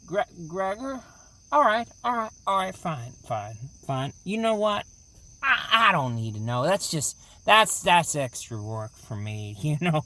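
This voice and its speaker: A man's voice: high-pitched, very animated, a little slow, bright, forceful tone. A man co-hosting an improvised comedy audio play, talking in a stammering, flustered, pleading way.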